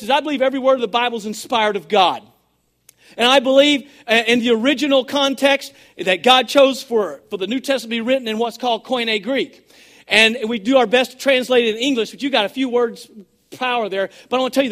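A man preaching a sermon, excitable and swinging between shouting and a hushed voice. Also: extremely high pitch. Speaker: pastor.

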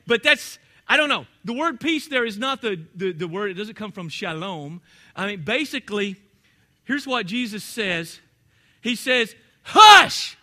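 A man preaching a sermon in a folksy, animated storytelling manner, now and then breaking into shouts. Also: high-pitched. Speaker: pastor.

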